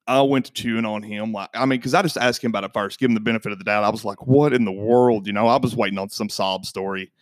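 A man, a podcast guest in his thirties, telling a long story in casual chat and acting out the other people's voices with big jumps in pitch. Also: fairly even intonation, very fast, hardly any pauses, no room sound, clean studio sound.

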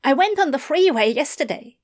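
A woman's voice: sits high, animated, fairly quick, voice pushed up. A woman voicing an eager teenage boy with a teasing, sing-song manner.

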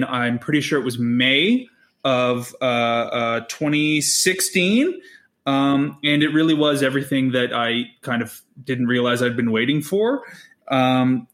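A man's voice: mid-range voice, a bit bright. A man co-hosting a casual music podcast, talking in a rambling way with many ums and restarts. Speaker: podcast co-host.

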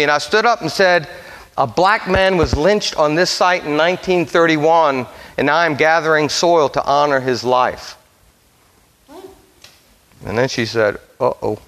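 Male preacher with a somewhat high voice, telling a story from the pulpit in a sermon, easing into quiet solemn phrases; long hall reverb. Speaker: pastor.

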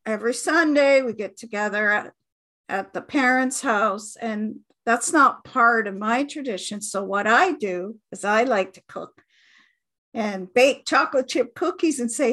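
Unhurried woman host, fairly high voice. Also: fairly bright tone. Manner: unhurried, heartfelt, reminiscing. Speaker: podcast host. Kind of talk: conversational storytelling.

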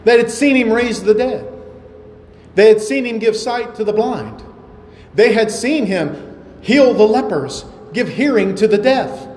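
A man's voice: high voice, lively intonation, unhurried, darkish tone. A male pastor preaching a sermon, emphatic and full of repeated rhetorical questions. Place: church sanctuary. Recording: echoey hall with faint ambience.

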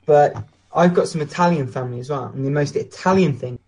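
A man's voice: a little high, a little fast, darkish tone. A British man co-hosting a casual podcast chat, blunt and opinionated, telling anecdotes. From Britain. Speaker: podcast co-host.

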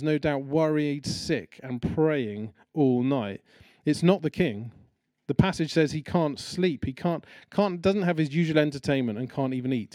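A man's voice: a little high, dry recording. A man preaching a sermon in a conversational, storytelling way, acting out the people he talks about. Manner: conversational, animated storytelling with acted-out quotes.

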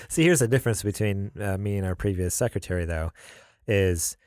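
A man's voice: lowish voice, normal speed, a little mellow, clean tone, no room sound. A man hosting a gaming podcast from a studio, chatting casually and laughing often. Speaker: podcast host. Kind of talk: casual chat.

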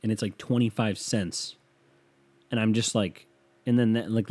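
A young man talking alone into a mic in his bedroom, his voice low-pitched with a warm, mellow tone. He rambles casually and curses freely, often poking fun at himself. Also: normal speed. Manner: rambling, profane, self-mocking. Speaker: podcast host. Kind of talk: casual solo podcast monologue.

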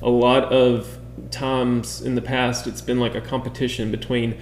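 A man's voice: medium pitch, flat delivery, unhurried, darkish tone, roomy sound, slight background noise. A man co-hosting a casual talk about parenting with his wife, rambling with many restarts and quoted asides. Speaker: podcast co-host. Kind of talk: casual chat.

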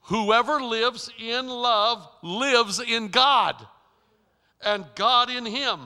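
A man preaching a storytelling sermon, emphatic, with dramatic swings between soft and loud. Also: very high-pitched, drawn-out words, smooth. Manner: emphatic, dramatic shifts in loudness. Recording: long reverb of a large hall.

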